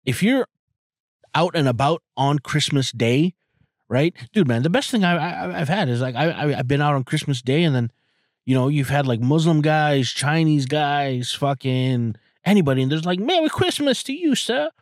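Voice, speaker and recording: A man in his forties, from outside the US, hosts a podcast in a fairly high voice at a normal pace. He rambles through a casual, profane monologue packed with fillers, and the studio sound is clean with no room echo.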